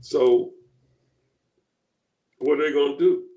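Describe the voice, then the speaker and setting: A man with a mellow, darker voice co-hosts a casual political chat. He thinks aloud in a halting way, circling back and restarting his sentences, and the sound rings with room echo. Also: on the high side, steady tone. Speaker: co-host.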